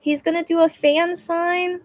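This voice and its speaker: A woman's voice: extremely high pitch, little pitch movement, a little slow, dry recording. A young woman hosting a casual livestream chat. She hesitates and restarts often and sounds close to tears. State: teary, on the verge of crying. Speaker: livestream host.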